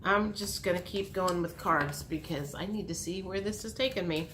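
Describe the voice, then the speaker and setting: A woman's voice: normal speed, noisy background. A woman reading tarot cards for her channel, thinking aloud as she turns each card and acting out imagined dialogue. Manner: lively, acts out dialogue with big pitch jumps. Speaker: tarot reader.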